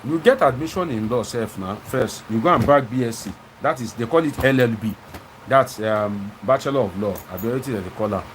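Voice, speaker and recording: A Nigerian man with a Nigerian English accent hosts a live-stream, reading viewer comments in a lively way and slipping into Pidgin phrases. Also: mid-range voice, a little fast, slight background noise. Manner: animated, switching into Pidgin phrases. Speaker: host.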